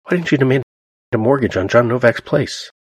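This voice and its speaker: A man's voice: mid-range voice, fairly quick, breathy edge, no room sound, pitched above the performer's own voice, lightly acted. A man voicing a fussy, disapproving older male bank officer who scolds in a raised, exasperated voice.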